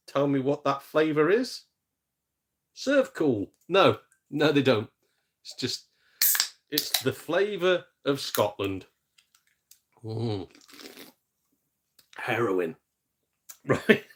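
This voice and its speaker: A man hosting a casual live game stream, chatty and self-mocking, reading out viewers' messages. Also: medium pitch. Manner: chatty, jokey and self-mocking, with mild swearing. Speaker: gaming streamer.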